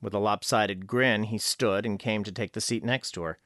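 This male audiobook narrator tells the story expressively in a lowish voice at normal speed. The recording is dry and studio quality.

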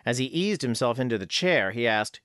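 Narrating an audiobook with expressive storytelling, a man speaks at medium pitch and normal speed. The sound is dry and clean, recorded in a studio.

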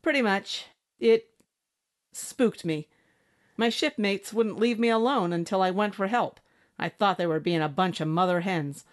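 Close to her everyday speaking voice, a woman reads at a measured pace in a mid-range register. She's acting out an audiobook role: a brash, snappish young woman serving as a spacefaring ship's bosun, tough and blunt.

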